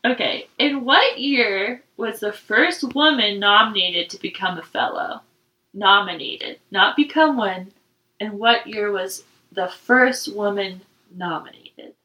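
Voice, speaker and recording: Woman, podcast co-host, casual chat, bright voice, laughs a lot while reading notes. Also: medium pitch, slow pace, highs cut off. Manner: giggly, reads trivia notes aloud.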